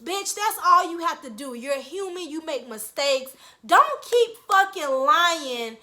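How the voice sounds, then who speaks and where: Young woman vlogger, high bright voice, blunt and cussing, casual recap commentary. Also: expressive, slow pace. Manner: blunt, profane, scolding. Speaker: reality TV reviewer.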